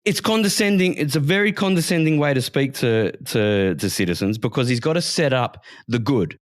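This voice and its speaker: A man's voice: mid-range voice, sing-song, normal speed, no room sound, studio quality. A man from Western Australia, co-hosting a casual podcast and ranting heatedly, with swearing. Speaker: podcast co-host.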